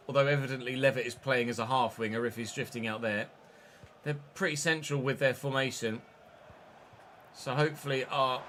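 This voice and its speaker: A man streaming a football video game, giving an excitable, sweary running commentary on the play. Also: medium pitch, slight background noise. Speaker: gaming streamer. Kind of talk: live gameplay commentary.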